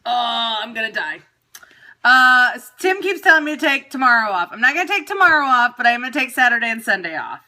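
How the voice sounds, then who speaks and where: Woman, phone livestream host at home; bright, fairly high voice, frank and foul-mouthed, pokes fun at herself. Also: very animated, brisk. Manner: candid, profane, self-mocking. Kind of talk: casual chat.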